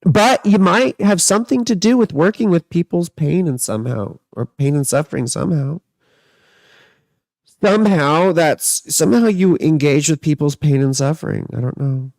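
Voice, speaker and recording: His voice is a little high and darkish in tone, moving at normal speed with no room sound. The man, an astrologer and tarot reader, chats casually on a livestream, answering viewers' comments in a rambling, playful manner full of jokes and musing.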